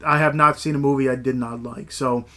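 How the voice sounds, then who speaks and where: A man's voice: mid-range voice, steady tone, a little fast, a bit bright. A man giving a casual, rambling movie review, full of fillers and enthusiasm. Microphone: camera mic, movies shelved behind.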